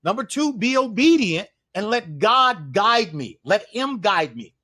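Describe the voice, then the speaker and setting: Man from Oakland, podcast guest, fervent and repetitive, voice a bit high. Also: big pitch swings, measured pace, pushed and bright. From East Oakland, California. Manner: emphatic, preacherly, repeats phrases for stress. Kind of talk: podcast interview.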